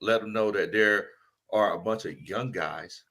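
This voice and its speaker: A man co-hosting a casual sports podcast, laughing often and giving shout-outs to viewers. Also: lowish voice, unhurried. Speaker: co-host.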